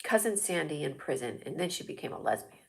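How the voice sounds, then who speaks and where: A woman's voice: low voice, big pitch swings, a little fast, vocal fry, slight background noise. A woman hosting a livestream show, chatting in a rambling, jokey way straight to her viewers. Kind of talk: casual livestream chat.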